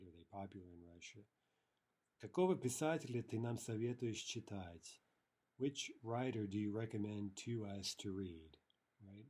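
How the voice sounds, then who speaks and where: A man with a slightly low voice gives a relaxed online language lesson. He reads example sentences aloud, then explains them in a conversational way. He keeps checking in with "right?" and pauses on "uh" as he thinks. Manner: often ends phrases with a checking "right?" and uses "uh" as filler. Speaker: language teacher.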